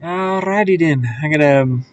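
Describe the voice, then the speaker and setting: This man's voice leans high, clear and resonant, at a normal speed. He streams live from his van while working, muttering to himself and thinking aloud with lots of fillers in casual commentary.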